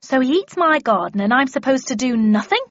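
A woman voicing an indignant middle-aged mother who shouts in outrage at the damage to her garden. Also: lively intonation, brisk, no room sound, highs cut off, heavily acted. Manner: shrill, outraged exclamations.

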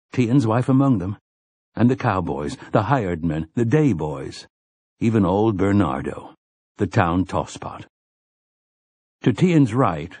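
A male audiobook narrator with a low voice reads scripted material with no echo. His storytelling is measured and even.

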